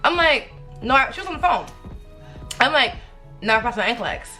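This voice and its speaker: A young woman telling viewers a story in a casual, animated vlog, talking straight to them. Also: on the high side, quick pace, soft background music. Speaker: vlogger.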